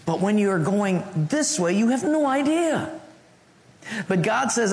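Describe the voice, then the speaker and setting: A man preaching a sermon, telling a personal story and acting out the voices in it, sometimes dropping to a hush. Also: high voice, animated, a little slow. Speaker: pastor. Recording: long hall reverb, faint ambience.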